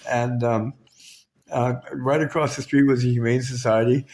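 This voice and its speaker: A man's voice: medium pitch, flat delivery, moderate pace, darkish tone. A Canadian man tells his own story straight to the camera. His speech is raw and profane, and it carries heavy emotion. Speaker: vlogger. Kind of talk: personal storytelling.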